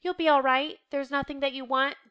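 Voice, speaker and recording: A woman voicing a gentle, hurt middle-aged mother in a soft, tender read. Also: high-pitched, flat delivery, fairly quick, pitched above the performer's own voice.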